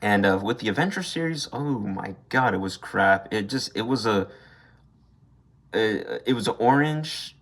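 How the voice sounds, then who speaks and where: A man's voice: lowish voice, animated, a little slow, a bit bright. A young man casually reviewing an action figure, rambling, swearing freely and airing blunt gripes. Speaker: toy reviewer. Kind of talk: casual unscripted toy review.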